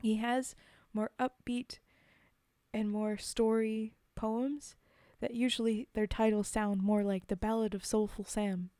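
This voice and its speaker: A woman's voice: fairly high pitch, level tone, measured pace, dark tone, dry recording, clean studio sound. A woman streamer chatting casually between poem readings, giggling and filling gaps with ums. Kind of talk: casual chat between poems.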